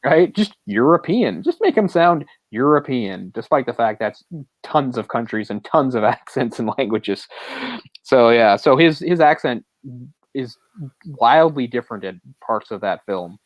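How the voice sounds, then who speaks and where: A man's voice: mid-range voice, unhurried, no room sound. A man co-hosting a movie podcast, rambling and opinionated, often chuckling as he talks. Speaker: podcast co-host. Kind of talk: casual movie discussion.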